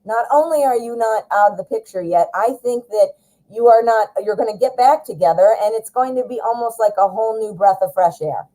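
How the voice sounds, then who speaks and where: A woman's voice: a little high, fairly quick, warm tone, low-quality recording. Chatty woman giving a tarot reading. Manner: chatty, talks straight to the viewer, reassuring. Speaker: tarot reader. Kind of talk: live-streamed tarot reading.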